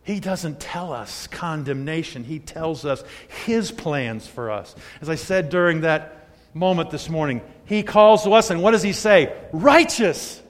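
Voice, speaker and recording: A man in his sixties preaching a sermon, moving between loud emphatic peaks and hushed, quiet asides. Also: a little high, measured pace. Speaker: pastor. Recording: long hall reverb.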